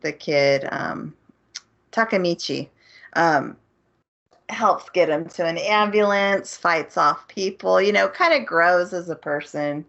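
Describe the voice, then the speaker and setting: A woman co-hosting a podcast, recapping a show's plot in a casual, animated way and acting out the characters' lines. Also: fairly low pitch, slow pace, vocal fry. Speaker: podcast co-host. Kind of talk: casual chat. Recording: muffled lo-fi audio.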